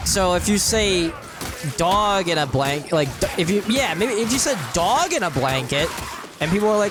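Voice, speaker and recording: A man's voice: high-pitched, sing-song, moderate pace, noisy background. A man co-hosting a casual podcast, telling rambling, profane stories while playing a game. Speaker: podcast co-host. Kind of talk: casual chat while gaming.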